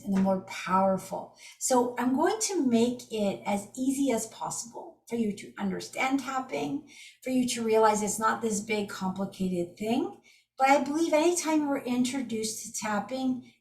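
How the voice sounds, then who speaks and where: A woman's voice: mid-range voice, distant mic. A middle-aged woman teaching an energy healing method in an enthusiastic, casual storytelling way. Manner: enthusiastic, storytelling with lively asides. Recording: echoey room, from off the mic.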